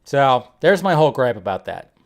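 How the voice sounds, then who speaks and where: A man's voice: medium pitch, moderate pace, vocal fry. A young adult man hosting a casual film-news livestream, rambling and joking as he reacts to reviews. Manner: rambling, animated, jokey. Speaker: livestream host.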